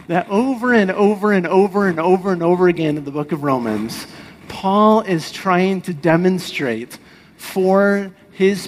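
A man's voice: high-pitched, rough recording. A man preaching a sermon, explaining the text earnestly with rhetorical questions and letting his voice fall at the end of phrases. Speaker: pastor.

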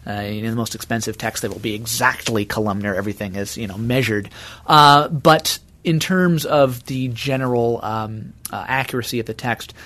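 A man of middle pitch speaks in an interview as an archivist. He explains steadily and carefully, with a measured, unhurried manner. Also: fairly bright tone.

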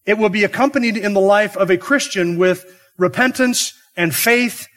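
High-voiced man preaching a sermon. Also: moderate pace, fairly bright tone. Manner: earnest, emphatic preaching with rhetorical questions. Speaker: pastor. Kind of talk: expository sermon.

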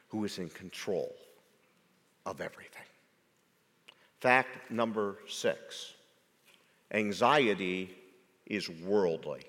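Pastor, male, slow deliberate sermon delivery with emphatic questions, long hall reverb. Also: on the low side, fairly bright tone. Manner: measured delivery, rising to emphatic rhetorical questions.

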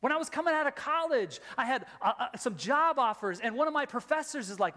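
A middle-aged man preaching a sermon as pastor, emphatic, moving between loud rising questions and soft low asides. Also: big pitch swings, quick pace, few pauses. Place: church sanctuary. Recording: long reverb of a large hall.

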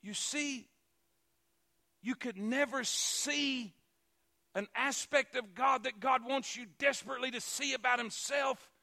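High-voiced, fervent male preacher. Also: measured pace, vocal fry. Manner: fervent, repetitive, rising to shouts. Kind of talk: sermon.

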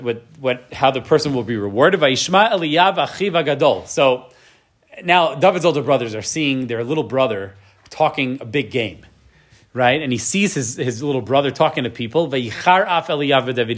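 A man teaching a Bible class, reading verses in Hebrew and explaining them in English. He talks in an animated way and often checks in with the class by asking "right?". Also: mid-range voice. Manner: frequent tag question "right?". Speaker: Torah teacher.

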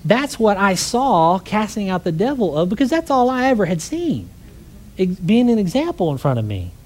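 A man preaches a conversational sermon, telling stories with lively energy and posing rhetorical questions to the congregation. His voice sits high and his pace is normal.

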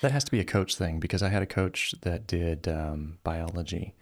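Deep-voiced joking man co-host. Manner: quick, jokey interjector. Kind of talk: casual chat.

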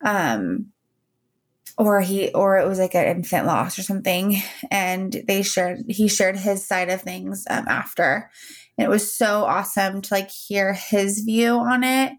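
A woman's voice: mid-range voice, unhurried. A woman co-hosting a podcast, chatting candidly with lots of fillers and trailing thoughts. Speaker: podcast co-host. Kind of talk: casual chat.

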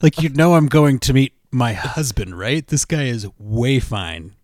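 A man's voice: medium pitch, a little slow, a little mellow, dry recording, studio quality. A man co-hosting a podcast, chatting casually and jokingly acting out silly voices for the people he talks about. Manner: jokey, acts out silly voices. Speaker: podcast co-host. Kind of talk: casual chat.

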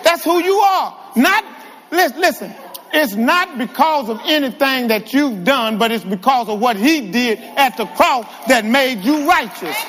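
Preacher, man, very high voice, lively call-and-response delivery, long church-hall reverb. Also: a little slow, a little hiss or hum. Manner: animated, calls to the congregation. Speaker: guest preacher. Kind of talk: sermon.

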